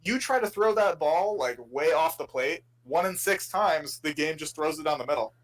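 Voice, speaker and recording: Podcast co-host, a man with a higher voice; relaxed joking banter and rambling anecdotes. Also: normal speed, poor audio. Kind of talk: casual sports chat.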